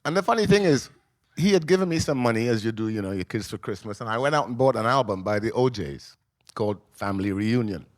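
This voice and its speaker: A man's voice: mid-range voice, fast, no room sound. Man in his sixties telling an emotional story. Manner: emotional, animated storyteller who acts out voices. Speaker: memoir author on a festival panel. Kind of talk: personal storytelling at a book talk. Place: live event in a library venue.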